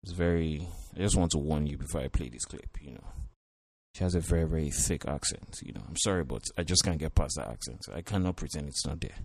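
A man's voice: extremely low pitch, quick pace, creaky, breathy edge, no echo. A man giving blunt, profane commentary on a reality show, peppered with "you know". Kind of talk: casual commentary.

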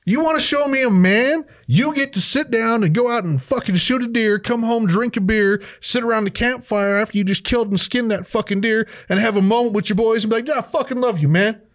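A man's voice: extremely high pitch, a little fast, hardly any pauses. A man ranting in casual, profane chat, heated and swearing constantly as a podcast co-host.

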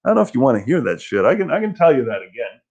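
A man's voice: mid-range voice, very animated, rapid-fire, a little mellow. A man in his forties hosting a casual live stream from his old bedroom, ranting and telling stories in a profane, self-mocking way. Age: 40s.

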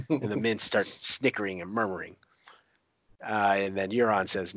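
A man's voice: lowish voice, fairly even intonation, unhurried, a bit bright, dry recording. A man casually retelling a TV episode scene by scene, with fillers and laughs. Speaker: storyteller recapping a TV episode.

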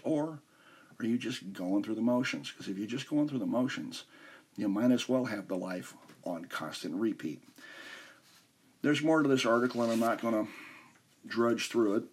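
A man hosts a podcast, explaining a philosophy text in a casual, conversational style and sometimes tripping over names. His voice is husky and animated, medium in pitch, at a normal speed.

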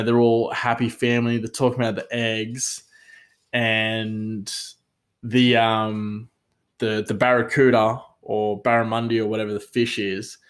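Guy with a slightly low voice, loose self-deprecating storytelling full of "like" and "um". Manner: rambling, many fillers, self-mocking, laughs often. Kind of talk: casual storytelling monologue.

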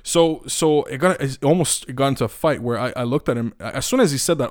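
A man's voice: medium pitch, brisk, few pauses, no echo, clean studio sound. A young man from Eastern Europe, ranting casually with lots of swearing, restarts and fillers. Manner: profane, animated, many restarts and filler words. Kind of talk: casual rant.

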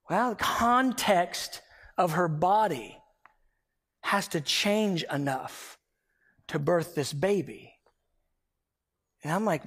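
A man preaching a sermon, emphatic and animated as he tells a personal story. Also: high-pitched, slow pace, pauses often, breathy edge. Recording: long hall reverb.

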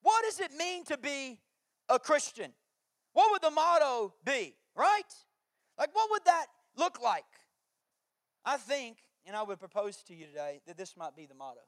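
A man's voice: very high voice, very animated, moderate pace, a bit bright, no echo, studio quality. A man, preaching a sermon through jokey family stories and acted-out quotes. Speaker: pastor.

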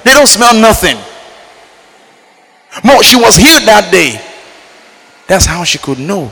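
Nigerian-born male preacher, high bright voice, animated sermon delivery with loud peaks and hushed asides, echoing hall. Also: moderate pace, long pauses, a little hiss or hum. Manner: animated preaching, swinging from loud emphatic lines to low quiet asides. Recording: reverberant hall.

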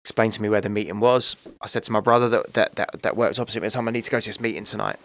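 A man's voice: lowish voice, steady tone, rapid-fire, a bit bright. A man, telling his own story in a candid, emotional, rambling way, often asking "right?" and "you know". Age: 30s. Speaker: podcast guest.

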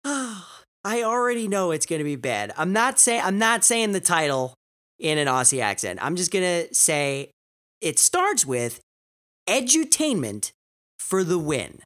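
A man's voice: high-pitched, very animated, measured pace, a bit bright. Easygoing young man co-hosting. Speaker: podcast co-host. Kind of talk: casual podcast chat.

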